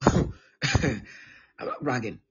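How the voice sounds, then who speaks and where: A breathy, heavily husky male pastor teaches in his thirties, driving his points home by repeating them and asking "okay?" again and again. The sound is dull and lo-fi, like a streamed recording. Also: mid-range voice, expressive, drawn-out words. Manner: emphatic and repetitive, often checking in with "okay?". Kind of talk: live-streamed teaching sermon.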